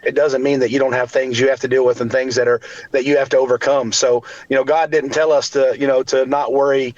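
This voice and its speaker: A man's voice: mid-range voice, level tone, fairly quick, darkish tone, dry recording, lo-fi sound. A man in his forties, a guest telling his personal story earnestly, with faith woven in and other people's words acted out. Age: 40s. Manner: earnest, faith-filled, acts out quotes of others.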